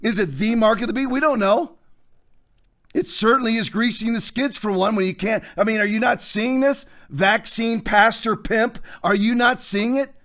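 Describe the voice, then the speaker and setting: A man hosting a show, preaching commentary in a forceful, hectoring way with repeated phrases. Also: sits high, normal speed. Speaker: host.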